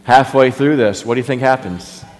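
Impassioned preacher in an echoing hall. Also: male voice, medium pitch, normal speed. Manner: impassioned, repeats rhetorical questions. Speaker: pastor. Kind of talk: sermon. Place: church hall. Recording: reverberant hall.

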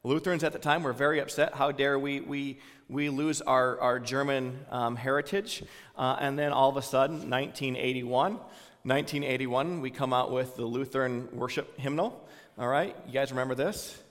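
A man's voice: mid-range voice, steady tone, normal speed, a bit bright, long reverb tail. A man with a Southern US accent giving an informal sermon, talking conversationally with many fillers and putting questions to the congregation. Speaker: pastor.

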